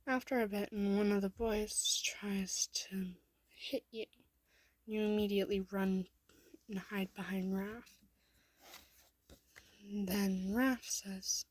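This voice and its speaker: Woman narrator, second-person fan story; very slow, breathy, soft-spoken. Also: mid-range voice, steady tone, no echo. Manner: soft, partly whispered narration. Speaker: fan fiction reader.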